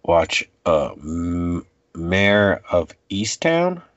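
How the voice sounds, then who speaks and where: A man in his forties co-hosting a casual chat, rambling and halting with many fillers, in a dull, muffled recording. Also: low-pitched, big pitch swings, no room sound.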